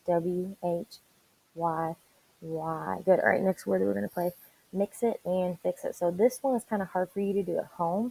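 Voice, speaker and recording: A woman teacher leading an online reading lesson for young children, spelling words out slowly and encouraging them. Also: fairly low pitch, gravelly, dark tone, slightly rough, rough recording. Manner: encouraging, slow and deliberate spelling aloud.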